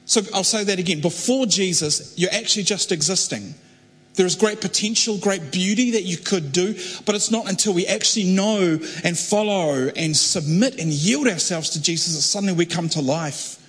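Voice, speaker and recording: A young man preaching a testimony, telling his story animatedly and acting out other voices, with a husky voice. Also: sits high, moderate pace, few pauses. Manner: animated, acts out quoted voices. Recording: echoey hall with long reverb.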